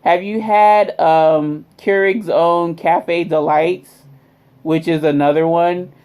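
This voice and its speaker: A woman's voice: fairly low pitch, fairly even intonation, slow pace, a little mellow. A woman vlogger chatting casually through a drink review, rambling with lots of fillers and calling her viewers y'all. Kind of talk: casual product review chat.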